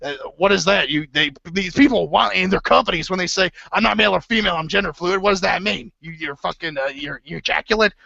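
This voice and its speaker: A man's voice: high voice, quick pace, gravelly, hardly any pauses, sharp tone, no echo, full character voice. A man playing a blustering middle-aged conspiracy radio host who rambles, stammers and corrects himself. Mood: rambling. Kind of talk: improvised comedy impression. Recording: dull lo-fi stream audio.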